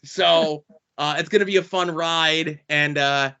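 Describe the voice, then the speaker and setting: Bright-voiced casual podcast man. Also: on the high side, unhurried, smooth. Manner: relaxed, filler-heavy banter. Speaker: podcast co-host. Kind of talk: casual chat. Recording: dull lo-fi podcast audio.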